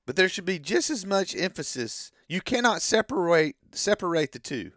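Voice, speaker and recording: A man's voice: high-pitched, very animated, normal speed, a bit bright, no room sound, studio quality. A man delivering an opinionated monologue as a wrestling fan, ranting and repeating himself, then hedging that it is just his opinion.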